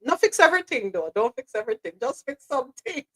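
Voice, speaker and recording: High voice, woman, radio host, lively patois chat, laughs a lot. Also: quick pace. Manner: animated, laughs often, patois asides. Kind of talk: casual live radio chat.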